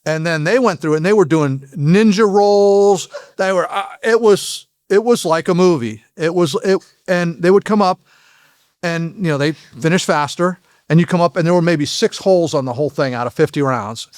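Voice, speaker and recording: A man with a slightly high voice, once an FBI agent, gives frank anecdotes in a podcast interview. He speaks haltingly and keeps restarting sentences, captured in clean studio sound with no room sound.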